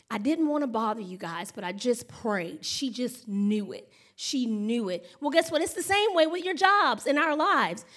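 A woman pastor, preaching in a chatty, story-driven way. Her voice sits high and she talks to the congregation warmly as y'all and honey. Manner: chatty, animated storytelling with laughs and acted-out noises. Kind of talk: sermon.

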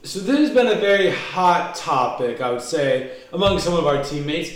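A man's voice: on the high side, lively intonation, normal speed. A man hosting a podcast in casual chat who laughs along easily. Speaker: podcast host. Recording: roomy echo.

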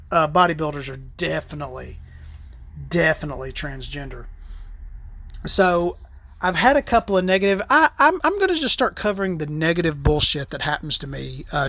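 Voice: mid-range voice, a bit bright, no echo. A podcast host in a casual solo chat who rambles, swears freely and tells stories with tongue-in-cheek asides.

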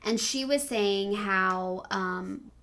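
A middle-aged woman co-hosting a casual chat, blunt and swearing freely, acting out quotes in loud bursts. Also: medium pitch, very slow. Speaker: podcast co-host.

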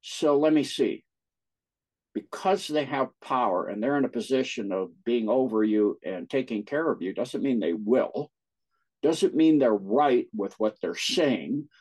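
A man, an interview guest, telling personal stories in casual talk, with a husky voice and frequent laughs. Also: medium pitch, lively intonation, a little slow, darkish tone, poor audio. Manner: laughs often while recounting.

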